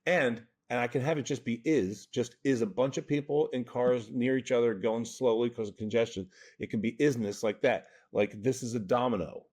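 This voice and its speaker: Brief: man, mid-pitched, coach guest, earnest and emphatic. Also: normal speed, few pauses, darkish tone. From New Jersey. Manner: earnest, emphatic, often checks in with "right?". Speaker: mental toughness coach, guest. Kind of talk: podcast interview, explaining.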